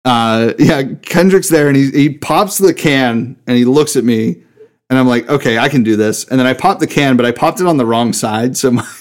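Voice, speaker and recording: A man co-hosting a podcast in relaxed, casual conversation. His voice sits at an ordinary middle pitch, and he laughs easily, often drifting off into "um" and "uh" before finishing a thought. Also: normal speed. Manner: easygoing, laughs often, trails off with fillers. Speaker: podcast co-host. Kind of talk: casual chat.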